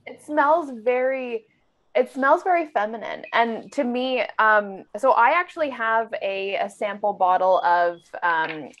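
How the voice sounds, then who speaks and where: A woman's voice: on the high side, animated, measured pace, fairly bright tone. A woman co-hosting a podcast, chatting casually with giggles and many fillers. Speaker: podcast co-host. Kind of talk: casual chat. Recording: dull lo-fi sound.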